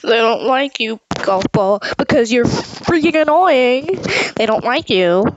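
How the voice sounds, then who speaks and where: A woman voicing an excitable, melodramatic hamburger character who gives comic reaction commentary, swinging between squeals and grumbles. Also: on the high side, unhurried, highs cut off, noisy background. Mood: lovestruck.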